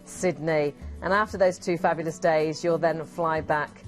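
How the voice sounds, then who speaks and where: Woman, cruise TV co-host, lowish voice, upbeat sales pitch, faint music behind. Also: fairly even intonation. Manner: warmly reacting, brisk pitch. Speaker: TV cruise show co-presenter. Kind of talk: travel sales chat.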